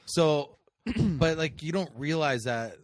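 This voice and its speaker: A man's voice: a little high, animated, slow pace, dry recording. A man co-hosting a podcast, telling a story in a rambling, profane way full of fillers. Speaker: podcast co-host. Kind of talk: casual chat.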